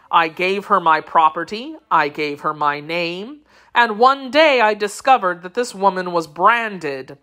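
A woman reading the part of a wronged nobleman in an audiobook, making a grave, measured accusation. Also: lowish voice, sharp tone.

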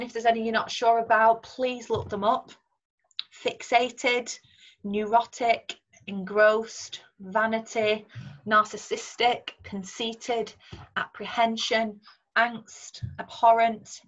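A woman teacher with a Northern English accent, talking students through a recorded lesson in a clear, patient way with frequent ums. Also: mid-range voice, dull audio. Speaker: secondary school English teacher. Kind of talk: recorded remote lesson talk over slides.

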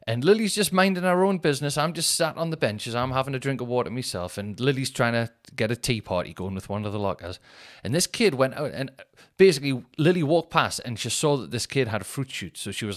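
A man in his thirties, a podcast host telling a self-mocking comic story with mock outrage. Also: mid-range voice. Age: 30s.

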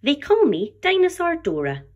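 A woman's voice: high-pitched, wildly swooping pitch, normal speed, pitched above the performer's own voice. A woman reading aloud as a cheerful, helpful female museum curator in a picture book. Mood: friendly.

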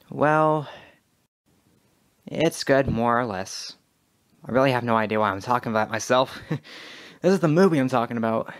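Teen boy vlogger, mid-pitched, rambly, unsure of himself. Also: normal speed, pauses often, no echo. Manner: rambling, many fillers and self-corrections; unsure and self-critical. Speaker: channel owner. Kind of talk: casual vlog update.

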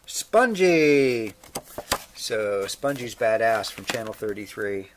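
A man's voice: mid-range voice, measured pace, a bit bright, slight background noise. A male vlog host casually reading viewer mail, with a laid-back manner and dry humor, playing along with joke letters. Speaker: motorcycle channel host.

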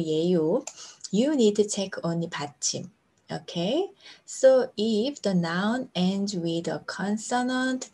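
A patient woman with a Korean accent runs a beginner language lesson in English, repeating each example and checking that the learner follows. Her voice sits low for a woman, with a husky, breathy edge. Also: a little mellow.

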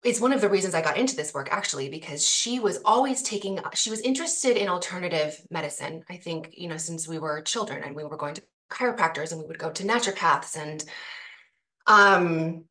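A woman who is a nutritionist, a guest on a casual podcast, friendly and upbeat and quick to laugh. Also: lowish voice, expressive, sharp tone. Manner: friendly, upbeat, laughs easily, some restarts.

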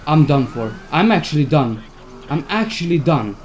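A man's voice: on the high side, big pitch swings, normal speed, darkish tone, a little hiss or hum. A young man giving gameplay commentary as a YouTuber, stressed and swearing as he talks to himself. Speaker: gaming YouTuber. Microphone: desk mic at a PC.

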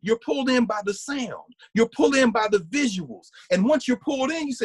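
A husky-voiced man lectures in an animated, conversational way, his pitch swinging widely as he goes. He restarts sentences often and breaks into hummed or sung snippets. The sound is dry and close. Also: a little fast, few pauses, no echo. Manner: lively, restarts often, hums and sings snippets. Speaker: guest lecturer.

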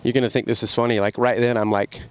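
A middle-aged man, a podcast guest, telling an animated story about riding. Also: mid-range voice, fast, clear, resonant tone, no echo. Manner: animated, excited storytelling with laughs. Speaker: podcast guest, snowmobile rider. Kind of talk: casual storytelling.

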